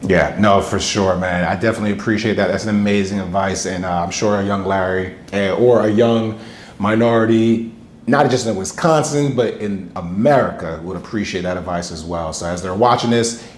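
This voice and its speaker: A man's voice: lowish voice, moderate pace, roomy sound, a little hiss or hum. A man hosting an interview podcast, effusive and hyping up his guest in casual chat. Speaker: podcast host.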